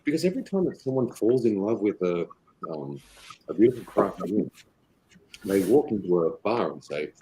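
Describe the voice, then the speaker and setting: Animated low-voiced Australian man. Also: moderate pace, poor audio. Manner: animated, rambling, quotes others in acted voices. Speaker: association chief guest. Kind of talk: casual podcast interview.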